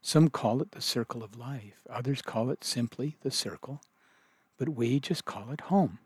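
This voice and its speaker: A man voicing a very old, calm and kindly male tortoise in a storybook, with gentle, welcoming dialogue. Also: mid-range voice, moderate pace, husky, dry recording.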